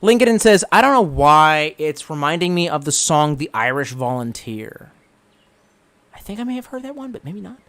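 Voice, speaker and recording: A tipsy young man from the Washington DC area reads live-stream chat aloud, swearing freely and answering with sarcasm. His voice is a little high for a man and very animated, swinging all over as he rambles. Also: moderate pace. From Washington DC metro area, US. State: getting drunk.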